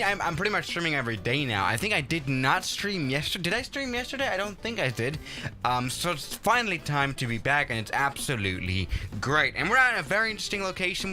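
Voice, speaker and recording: A man chatting casually on a live stream while playing a flight simulator, excitable and often stumbling and restarting his sentences. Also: a little high.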